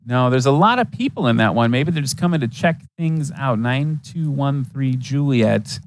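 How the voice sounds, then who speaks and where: A man's voice: mid-range voice, expressive, moderate pace, no room sound. Chatty man calling a live air event. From Wisconsin. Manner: chatty, enthusiastic, folksy asides. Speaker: event commentator. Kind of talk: live play-by-play commentary.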